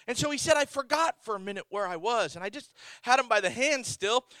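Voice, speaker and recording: A man's voice: very high-pitched, animated, brisk, sharp tone, no echo. A man preaching a storytelling sermon as a missionary, with frequent restarts and exclamations. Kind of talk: Pentecostal-style sermon.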